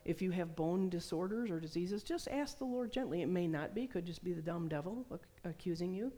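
A woman's voice: fairly low pitch, lively intonation, fairly quick, dark tone. Woman preaching in a reverberant hall. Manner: storytelling, acts out quoted voices. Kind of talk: sermon.

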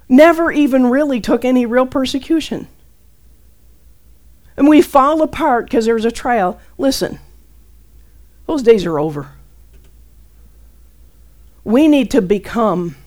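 A middle-aged woman preaching a fervent, folksy sermon that swings between loud declarations and hushed asides. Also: a little high.

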